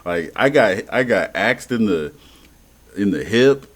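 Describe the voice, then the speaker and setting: A man co-hosting a podcast in casual chat, animated and slangy, laughing often and swearing freely. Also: fairly low pitch, measured pace. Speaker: podcast co-host.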